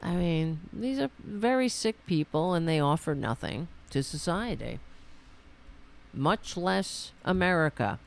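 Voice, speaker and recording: A woman hosts a political talk show in a slow, unhurried way, her voice full of gravelly fry. She mocks her targets sarcastically and rambles, often restarting her sentences. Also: fairly low pitch, lively intonation. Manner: sarcastic, mocking. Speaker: host. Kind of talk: political commentary. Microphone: computer mic on a call setup.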